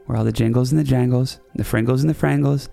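Gravelly man telling a comic tale. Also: medium pitch, fairly even intonation, fast talker, mellow, faint music behind. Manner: rambling, self-correcting, playful. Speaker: podcast host. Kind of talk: comic storytelling.

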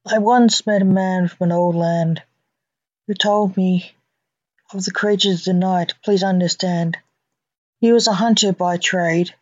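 A woman's voice: lowish voice, fairly even intonation, measured pace, darkish tone, no echo. Woman host reading her own spooky stories. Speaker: podcast host, poet and author. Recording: dull lo-fi dry recording.

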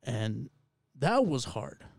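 A man hosting a casual chat, relaxed and swearing often. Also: mid-range voice, takes it slowly, creaky, dry recording. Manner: laid-back, swears constantly.

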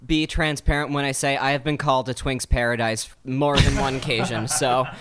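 A man in his thirties with a mid-pitched voice, a guest on a comedy podcast. He talks in a wry, self-deprecating way, and faint noise sits behind his voice. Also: level tone, moderate pace. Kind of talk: casual comedic chat.

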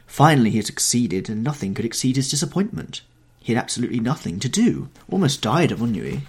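A man's voice: on the low side, slightly rough. A man reading the part of a vain, callous young aesthete who talks in an airy, dismissive way.

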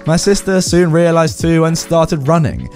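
A man's voice: fairly high pitch, lively intonation, normal speed, a little mellow, faint music behind. A man reading online stories aloud and commenting on them in a chatty manner. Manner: acts out quoted voices, chatty asides. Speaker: story reader and commentator.

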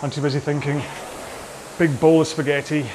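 A man's voice: on the high side, flat delivery, a little fast, background noise. A man coaching an indoor rowing workout while rowing, chatty and rambling, often mocking himself.

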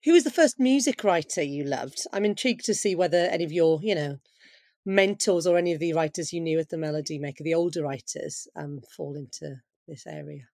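A woman's voice: deep voice, a little fast, darkish tone, dry recording, studio quality. A woman hosting a podcast interview, asking questions with enthusiasm and plenty of fillers. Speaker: podcast host.

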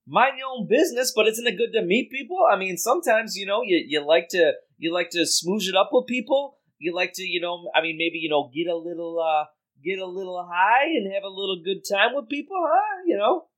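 A man voicing a laid-back, smooth-talking charmer who stumbles over his words as he schmoozes strangers in a tabletop game. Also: sits high, animated, a bit bright, voice pushed up. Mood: schmoozing. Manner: eager, halting, repeats words.

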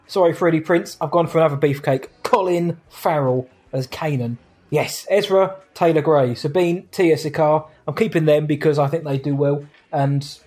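A man's voice: a little high, a little mellow. Man, co-hosting a laid-back podcast. He talks easily, laughing along and putting questions to his co-host. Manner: easygoing, laughs along, reads listener questions. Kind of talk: casual chat.

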